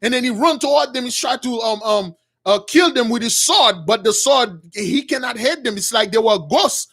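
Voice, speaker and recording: A man with a notably high voice tells a dramatic religious story off the cuff. He stumbles, restarts and repeats himself as he works through the scenes, but stays earnest throughout. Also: animated, a bit bright, breathy edge. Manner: halting, with many restarts and repeated words. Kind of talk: unscripted retelling of a vision.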